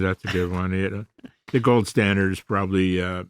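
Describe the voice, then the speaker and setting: Deep-voiced older actor, relaxed. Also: male voice, moderate pace, smooth, no room sound, clean studio sound. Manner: relaxed, rambling, many fillers. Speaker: guest, comedy actor. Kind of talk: conversational interview.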